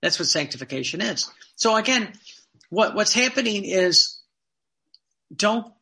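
A man preaching in a high voice, leaning on repeated phrases and rhetorical questions. His tone is bright and a little tense, and he teaches with steady conviction. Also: a little slow, gravelly. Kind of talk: devotional teaching talk.

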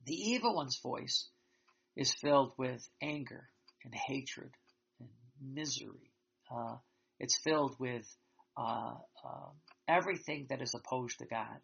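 Guy giving a slow halting religious talk, husky and kinda bright, dull lo-fi audio. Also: medium pitch. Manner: slow, halting, with many restarts. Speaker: religious teacher. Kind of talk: spiritual reflection talk. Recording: dull lo-fi sound.

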